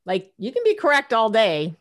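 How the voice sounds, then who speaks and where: Animated, laughing middle-aged woman therapist. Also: fairly high pitch, moderate pace. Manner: animated, laughs often, acts out clients' lines. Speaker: relationship therapist guest. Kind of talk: casual interview talk.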